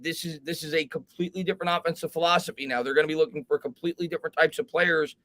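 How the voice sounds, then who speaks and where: A man's voice: fairly high pitch, steady tone, racing. Chatty man hosting a sports stream. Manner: reads viewer comments aloud, thinks out loud with restarts. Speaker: host. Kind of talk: live sports talk stream.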